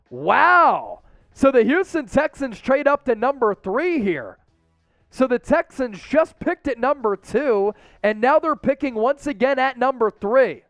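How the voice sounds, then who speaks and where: An excitable man with a high voice hosts a live sports stream and talks straight to the viewers in the chat. The sound is dry, and faint music plays underneath. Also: no echo. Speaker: host of a live draft stream.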